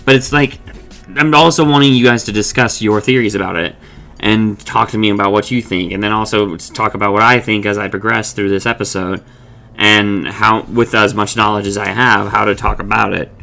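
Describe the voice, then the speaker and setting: A man's voice: lowish voice, vocal fry, pushed and bright. A young man hosting his own channel, giving a casual, rambling episode recap with frequent swearing and self-corrections. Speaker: host of an episode discussion channel.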